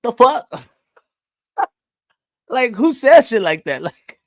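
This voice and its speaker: A man's voice: very high voice, big pitch swings, extremely slow, a little mellow, dry recording, studio quality. Fired-up man ranting on a podcast. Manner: profane, fired-up, rhetorical questions; frequent "right?" and "you know what I mean?". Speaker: podcast host. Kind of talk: heated monologue rant.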